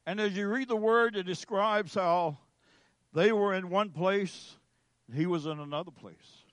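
A man preaching a sermon as a pastor, slow and emphatic with dramatic pauses. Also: high-pitched, a bit bright, no echo.

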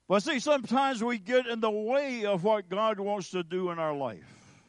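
A man preaching a sermon as a pastor, slow and emphatic with dramatic pauses. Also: sits high, no echo, studio quality.

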